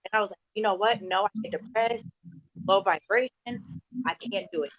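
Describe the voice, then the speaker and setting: A woman's voice: medium pitch, fairly quick, fairly bright tone, no room sound, poor audio. A young woman guest telling a personal story in an emotional, conversational way.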